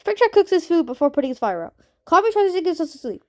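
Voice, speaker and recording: Excitable young woman reading game results. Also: very high voice, fast, dry recording, studio quality. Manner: excitable, incredulous outbursts, casual slang. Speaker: gaming commentator. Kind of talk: reading out a simulator and reacting.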